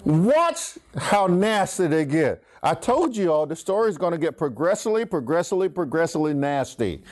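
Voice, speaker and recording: A middle-aged pastor with a lilt leads a call-and-response Bible lesson. His voice sits high for a man, and he swings it up and down as he preaches. He keeps asking the listeners to call out the last word. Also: very animated, normal speed. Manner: preachy, swings pitch, asks congregation to finish lines.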